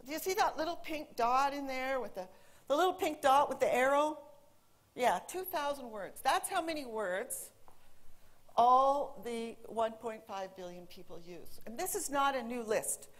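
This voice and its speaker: A woman in her forties, an English teacher, giving a talk to an audience in a large auditorium and telling lively stories. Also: high-pitched, unhurried. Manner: animated storytelling, quoting her son in a put-on teen voice. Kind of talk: conference talk to a live audience.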